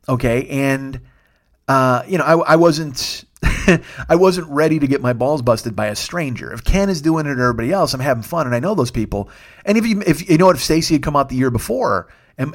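A man telling a story as a comedian hosting his own show, talking quickly and loosely. He swears freely, stumbles and restarts sentences, and acts out the other people in the story. His voice sits at an ordinary middle pitch for a man. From lives in Los Angeles. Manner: rambling, profane, animated retelling with restarts. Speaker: comedian podcast host. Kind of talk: casual storytelling monologue.

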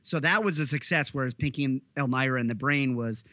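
Man co-host, bright forceful voice, dry close sound, eager storyteller. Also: mid-range voice, fast, no echo. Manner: enthusiastic storyteller, laughs between points. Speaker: podcast co-host. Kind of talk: casual chat.

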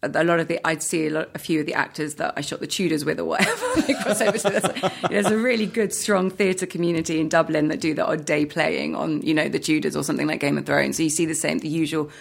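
Woman guest on a podcast, low-ish gravelly voice, chatty, laughs a lot, trails off and restarts. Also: fast talker, hardly any pauses. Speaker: actress guest. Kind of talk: casual interview chat.

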